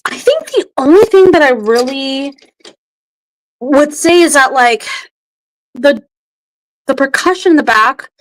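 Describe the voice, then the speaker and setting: A woman gives feedback on a song during a live stream, pausing often and searching for her words. Her voice sits high. She speaks at an unhurried, slow pace. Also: expressive, rough recording. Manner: hesitant, searching for words, lots of fillers. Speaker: guest reviewer. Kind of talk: casual spoken feedback.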